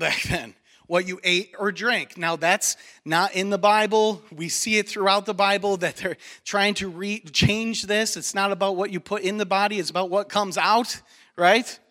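A man preaching a sermon as pastor in a church, animated and jokey, telling stories to the congregation. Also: high voice. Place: church sanctuary.

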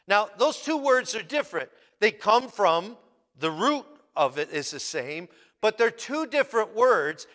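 A male pastor preaching with a high, lively voice that swings up and down as he leans on each key word. His speech is slow and deliberate. It rings out in a reverberant hall. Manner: slow, emphatic, repeats key words. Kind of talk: sermon.

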